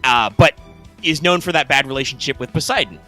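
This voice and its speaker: A man co-hosting a laid-back gaming podcast speaks briskly in a bright, forceful, expressive medium-pitched voice. Captured on a live stream mic with faint music behind, he rambles, restarting sentences, swearing casually, and leaning on fillers.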